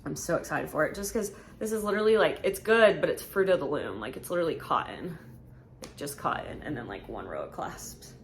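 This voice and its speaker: A woman's voice: sits low, expressive, brisk, a little hiss or hum. Chatty woman in her twenties. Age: 20s. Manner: chatty, filler-heavy, frank. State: slightly out of breath. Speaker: vlogger. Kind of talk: casual Q&A vlog.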